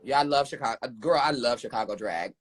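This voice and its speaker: A young man, a drag performer guest in a casual live chat, animated and sassy, calling people "girl" and "honey". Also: medium pitch, fast.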